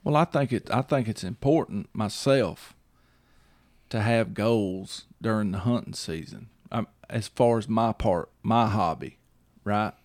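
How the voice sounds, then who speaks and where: A man's voice: fairly low pitch, unhurried, darkish tone, dry recording, clean studio sound. A man hosting a casual chat, rambling and repeating himself while he checks that the listener follows. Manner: rambling, repeats himself, checks in with "you see what I'm saying".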